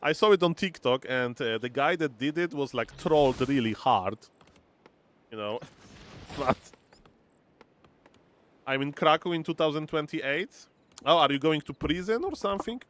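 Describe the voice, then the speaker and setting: A man's voice: on the high side, lively intonation, a little slow, pauses often, a bit bright, no room sound. Playful, chatty male esports caster. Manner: playful, chatty, exclaims and reads chat aloud. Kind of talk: casual live-stream game commentary.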